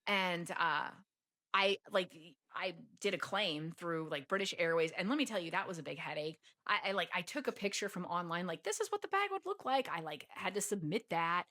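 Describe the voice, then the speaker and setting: A woman's voice: fairly low pitch, normal speed, bright, forceful tone. An American woman guesting on a podcast, telling a travel story in a chatty way, full of "like", and acting out her own past lines dramatically. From United States. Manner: chatty, peppers speech with "like".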